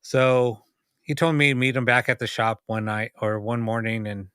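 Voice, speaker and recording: A man's voice: medium pitch, fairly even intonation, moderate pace, fairly bright tone, clean tone, no room sound, studio quality. A man from Los Angeles hosting a podcast, telling rambling anecdotes full of fillers and restarts. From United States (Los Angeles). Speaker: podcast host. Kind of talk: casual podcast chat.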